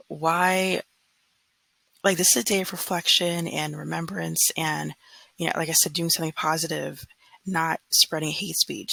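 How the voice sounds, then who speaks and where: A woman's voice: sits low, gravelly, pushed and bright, husky, dry recording, rough recording. A woman in her thirties from California, talking earnestly and frankly in a casual vlog monologue, often mimicking others in mocking quotes. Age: 30s. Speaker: vlogger.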